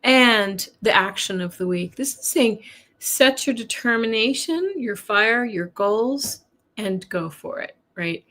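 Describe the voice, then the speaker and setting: A woman's voice: on the high side, lively intonation, takes it slowly, a bit bright. Chatty woman giving a tarot reading. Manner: chatty, laughs often, greets viewers by name. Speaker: tarot reader. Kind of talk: live-streamed weekly tarot reading. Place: home with a cat nearby.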